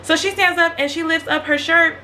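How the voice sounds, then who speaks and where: A woman's voice: very high-pitched, a little fast, slight background noise. A young woman vlogger telling a casual storytime to her viewers, chatty and slangy, talking straight to the audience. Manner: chatty, animated, slangy, addresses viewers directly.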